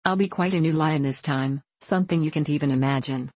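A woman's voice: low-pitched, brisk, darkish tone, no room sound. A woman reading an audiobook, voicing a boastful, bossy eldest boy with eager lines.

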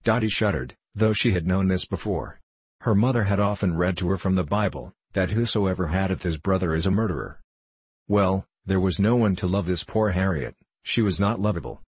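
A man narrating an audiobook in a steady, measured storytelling manner. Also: sits low, slightly rough, dry recording.

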